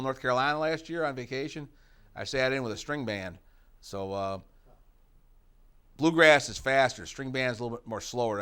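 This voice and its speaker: In a lowish, fairly bright voice, a middle-aged rock guitarist from the United States looks back on the past during a relaxed interview. His talk wanders, full of fillers and side comments.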